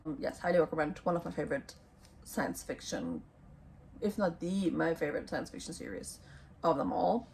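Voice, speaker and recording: A young woman giving book recommendations in a casual vlog, rambling and hesitant with many ums and self-corrections, her voice going hoarse. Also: low voice, normal speed, darkish tone, a little hiss or hum. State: losing her voice. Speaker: book vlogger.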